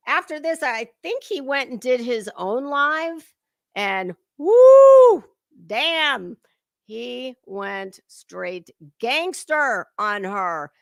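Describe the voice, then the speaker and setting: A woman's voice: a little high, sharp tone, no echo, studio quality. A woman hosting a casual livestream commentary, chatty and swearing freely as she greets her chat viewers by name.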